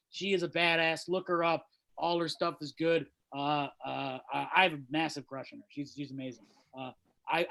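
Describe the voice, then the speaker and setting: Brief: comedian man, high crusty voice, bright and forceful, yells then mutters, home laptop sound. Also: vocal fry. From Chicago suburbs, USA. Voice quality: crusty, shouty voice. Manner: loud, animated ranting with sudden drops to mumbling asides. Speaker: stand-up comedian. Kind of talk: stand-up set over video call. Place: childhood bedroom. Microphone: laptop mic.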